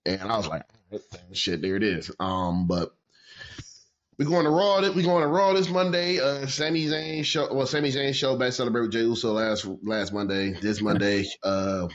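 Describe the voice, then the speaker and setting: A man co-hosting a casual podcast chat. He talks in an excitable, cursing rush and breaks into laughter often. His voice sits at a middle pitch, and the audio sounds a little dull and lo-fi. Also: moderate pace. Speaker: podcast co-host.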